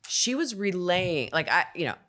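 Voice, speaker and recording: A woman's voice: fairly low pitch, big pitch swings, normal speed, fairly bright tone. A woman guest on a podcast, telling a story in casual chat and acting out the lines she quotes. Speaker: guest actor.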